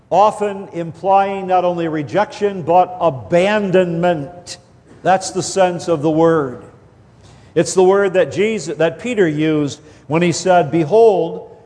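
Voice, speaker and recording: Slow, high-voiced preacher in a reverberant hall. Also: male voice, a little mellow. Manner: slow, deliberate, emphatic phrasing with repeated words. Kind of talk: expository sermon.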